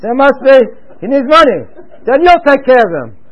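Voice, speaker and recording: A man's voice: extremely high pitch, big pitch swings, normal speed, muffled recording, heavily acted. A man voicing a practical, persuasive man in a religious story, speaking plainly. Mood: persuading.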